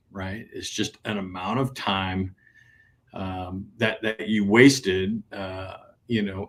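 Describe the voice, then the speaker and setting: A man co-hosting an advice podcast, talking in an animated way, acting out imagined conversations and checking in with "right?". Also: fairly low pitch. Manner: peppers sentences with "right?". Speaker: podcast co-host and transition advisor.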